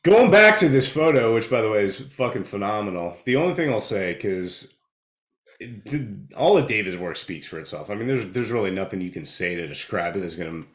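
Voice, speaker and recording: A man's voice: fairly low pitch, very animated, fairly quick, a bit bright. A man co-hosting a casual podcast, chatting with profane, laughing banter. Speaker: podcast co-host. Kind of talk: casual chat. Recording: roomy echo.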